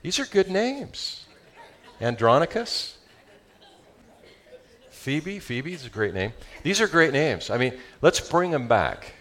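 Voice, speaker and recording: A male pastor with a Southern California accent preaching a sermon, animated and joking with his congregation. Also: on the high side, slow pace, long pauses.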